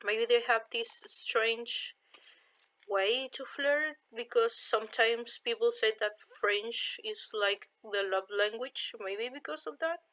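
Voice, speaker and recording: A woman's voice: a little high, a bit bright, rough recording. A woman from Chile with a Chilean Spanish accent, chatting casually and hesitantly as she answers viewer questions in her vlog. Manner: unhurried, hesitant, many fillers. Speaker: vlogger.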